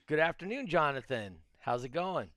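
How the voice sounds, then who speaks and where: A man hosting an interview show, talking in a relaxed, joking way over a video call. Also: a little high, moderate pace, no echo, clean studio sound. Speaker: podcast host.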